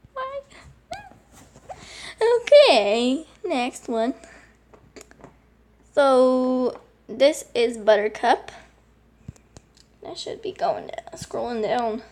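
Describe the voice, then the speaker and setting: Female host, higher register, unhurried pace, scattered casual game commentary, voice prone to squeaky cracks. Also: darkish tone. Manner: chatty, scattered, talks to her game animals and screen. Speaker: channel host showing a game collection. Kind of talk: casual screen-recording commentary.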